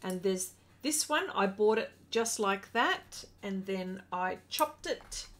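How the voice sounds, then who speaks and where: A middle-aged woman hosting an art livestream, chatting casually, excitable and reading viewer comments aloud as she paints. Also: mid-range voice, slow pace.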